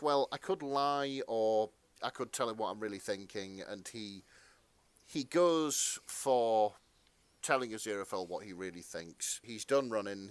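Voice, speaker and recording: A man co-hosting a podcast, casually reading fan fiction aloud with relaxed asides and the odd swear. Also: fairly low pitch, no room sound. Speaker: podcast co-host.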